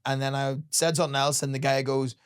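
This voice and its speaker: A man's voice: mid-range voice, little pitch movement, fast talker, clear, resonant tone. A young man on a podcast, telling stories and acting out quoted people with sweary punchlines. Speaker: podcast guest, comedian. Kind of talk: casual chat, storytelling.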